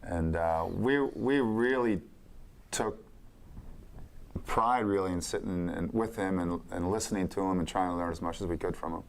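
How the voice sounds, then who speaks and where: Very deep-voiced man, earnest recollection. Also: moderate pace, gravelly, a little hiss or hum. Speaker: former teammate. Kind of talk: reminiscing conversation.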